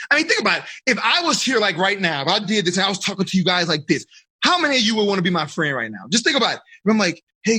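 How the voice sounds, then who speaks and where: A man's voice: high voice, pushed and bright, breathy edge. A man teaching teenagers as a life coach, speaking animatedly over a video call and asking the group frequent questions.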